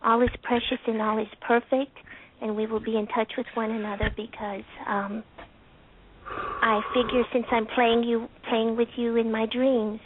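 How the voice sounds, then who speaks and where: A woman calling in to a talk show by phone, speaking in a heartfelt, halting and soft-spoken way. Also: a little high, flat delivery, background noise. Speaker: caller. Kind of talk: emotional call-in testimony. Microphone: telephone. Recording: tinny phone line.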